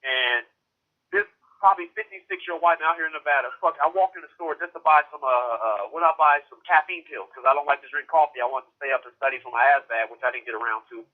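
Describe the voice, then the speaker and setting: A man's voice: a little high, fast. A young man in his twenties calling in to a show, rambling, heated and swearing, upset and close to tears. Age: 20s. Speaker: caller. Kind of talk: emotional call-in rant. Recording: phone-line call.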